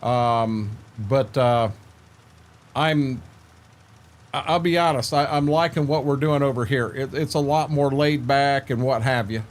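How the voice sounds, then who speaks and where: A man's voice: medium pitch, unhurried. An older man chatting casually with viewers while streaming a farming game, laid-back and rambling, repeating words and filling gaps with "uh".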